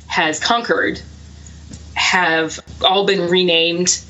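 A woman author talking casually in an interview, quick and self-deprecating, laughing often. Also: lowish voice, fairly even intonation, sharp tone, rough recording. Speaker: author guest.

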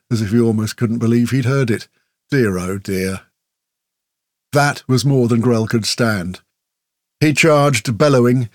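A man narrating an audiobook in a measured, storytelling manner. His voice sits at a middle pitch. It is recorded close and dry, with no room echo. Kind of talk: scripted narration.

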